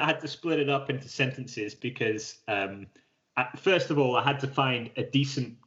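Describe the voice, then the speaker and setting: A man's voice: medium pitch, a bit bright. A British man co-hosting a casual chat, self-deprecating and rambling, often restarting sentences. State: keeps clearing his throat. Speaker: podcast co-host. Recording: slightly dull lo-fi sound.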